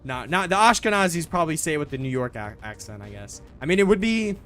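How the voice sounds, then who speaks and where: A man's voice: fairly high pitch, sing-song, quick pace, fairly bright tone, faint music behind. Rambling, profane young man streaming. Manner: rambling, profane, lots of restarts and "bro". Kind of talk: casual gameplay commentary.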